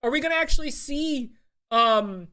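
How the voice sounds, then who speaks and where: Lively, swearing young streamer. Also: sits high, normal speed. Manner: chatty and animated, swears, many fillers and restarts. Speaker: streamer host. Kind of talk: casual live-stream chat.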